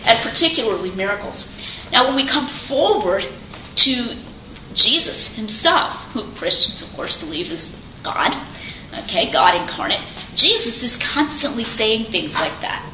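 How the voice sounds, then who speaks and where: A woman giving an informal lecture on Christian apologetics, speaking conversationally and animatedly and acting out quoted speakers. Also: fairly high pitch. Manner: conversational, animated, quotes others in little voices. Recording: echoey room, faint background noise.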